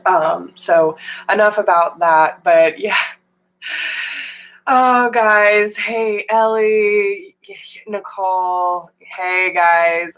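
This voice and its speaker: A young woman reading tarot live, chatting warmly with viewers, greeting them by name and saying y'all. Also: medium pitch, little pitch movement, very slow, low-quality recording. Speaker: tarot reader.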